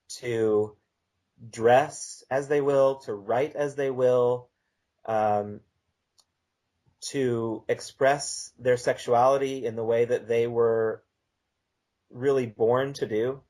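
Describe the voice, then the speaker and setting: A man speaking as a guest in a podcast interview, talking in a measured way with many fillers. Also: medium pitch, a little mellow. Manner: measured, reads a text aloud slowly.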